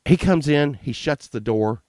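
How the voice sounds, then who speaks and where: A middle-aged man telling a crude comic story in a rambling, animated way, with many fillers. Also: mid-range voice, measured pace, dry recording, studio quality.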